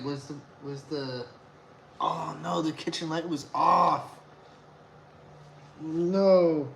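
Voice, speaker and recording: Laid-back dude rambling on a home livestream, laughs a ton, drawn-out slow talk. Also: male voice, medium pitch, a little hiss or hum. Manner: laughs often, excitable, rambling. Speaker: beer review vlogger. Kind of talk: casual live-stream chat.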